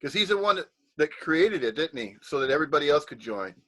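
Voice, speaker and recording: Rozgadany mężczyzna o jasnym, wysokim głosie. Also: male voice, a little high, very animated, quick pace, fairly bright tone. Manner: rambling, laughs often, playful teasing. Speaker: host of a nondualism talk stream. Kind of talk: casual chat on a video call.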